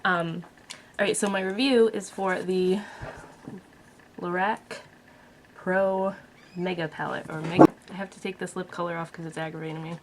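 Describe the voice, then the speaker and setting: A woman's voice: fairly low pitch, steady tone, normal speed, background noise. A woman vlogger casually reviewing a makeup palette, chatty and blunt with frequent fillers. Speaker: beauty vlogger.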